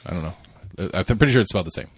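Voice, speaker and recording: A man's voice: sits low, lively intonation, very fast, husky, dry recording, clean studio sound. A man co-hosting a casual current-affairs podcast, rambling with lots of fillers and restarts and the odd swear word. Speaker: podcast co-host.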